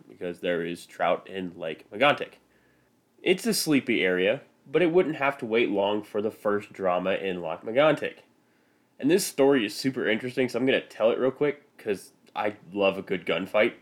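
Midwestern guy hosting a history podcast, lowish voice, laid back and joking at himself. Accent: Midwestern American. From American Midwest. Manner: casual, self-deprecating storytelling. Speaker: podcast host. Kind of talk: scripted history narration.

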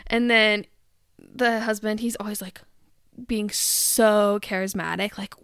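A woman's voice: medium pitch, steady tone, slow pace, a bit bright, clear, resonant tone, no echo, clean studio sound. A woman hosting her own show, chatting and ranting in a rambling, amused, exasperated way. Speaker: host. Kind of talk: casual chat rant.

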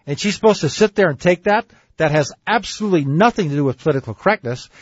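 A husky-voiced man with a slightly raised pitch, hosting a dating advice talk show. He reads passages aloud and then argues against them firmly. His voice is close and dry on a dull, lo-fi recording. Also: lively intonation, fast, no echo. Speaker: dating advice radio host. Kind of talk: radio talk show commentary.

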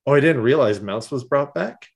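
Man for podcast co-host, expressive pitch, animated and loose. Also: moderate pace, gravelly. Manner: animated, laughs often, swears casually. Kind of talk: casual chat.

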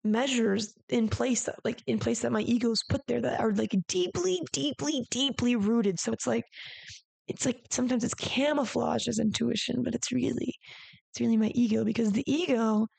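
A woman hosting her podcast in a candid, rambling monologue, peppering her speech with "like" and the odd swear. Her voice sits a bit high for a woman and is edged with gravelly fry. The sound is dry and close. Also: steady tone, moderate pace, a little mellow, no echo. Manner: rambling, confessional, frequent "like" and casual swearing. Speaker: podcast host.

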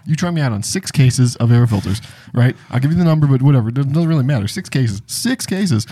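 A man voicing a pushy, overfriendly male sales rep who talks loudly and fast. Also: medium pitch, lively intonation, husky. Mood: pushy, chummy. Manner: loud, fast, chummy, keeps pushing deals.

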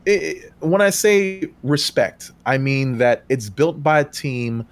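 A man co-hosting a podcast, talking about video games in a casual, animated way, laughing often and breaking into loud outbursts when he quotes himself. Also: on the high side, slow. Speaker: podcast co-host. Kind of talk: casual game talk.

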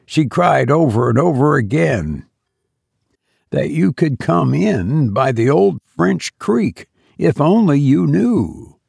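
A man's voice: on the high side, very animated, slow, creaky, a little mellow, husky, dry recording, studio quality, voice pushed up, full character voice. A man reading a story voices a grieving man who tells sad news in a subdued, plain way. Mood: grave.

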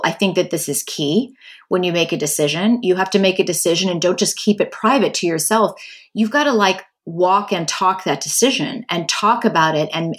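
A middle-aged woman hosting a podcast, telling a personal story in a candid, chatty way and talking straight to her listeners. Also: fairly low pitch. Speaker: podcast host.

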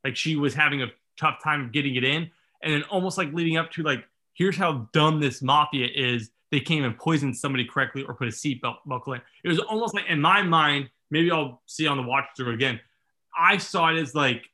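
Bright man rambling through a movie chat. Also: fairly high pitch, a little fast. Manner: rambling, thinking aloud with many "like"s. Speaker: podcast co-host. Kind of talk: casual movie review chat.

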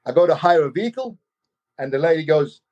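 A man telling a personal story in an animated way, often saying "you know". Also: a little high, brisk, muffled recording. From Australia. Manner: animated, acts out quoted voices, many "you know"s.

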